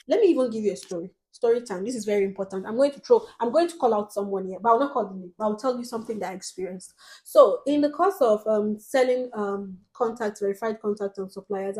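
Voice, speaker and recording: A woman's voice: mid-range voice, darkish tone. A young Nigerian woman hosting a casual advice vlog, talking directly and emphatically with frequent ums. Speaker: host.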